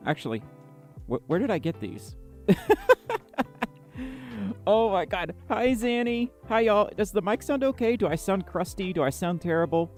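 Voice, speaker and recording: Chatty, lively woman streamer. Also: medium pitch, moderate pace, long pauses, soft background music. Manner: chatty, scattered, laughs often. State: tired. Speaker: livestream host. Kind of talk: casual livestream chat with viewers.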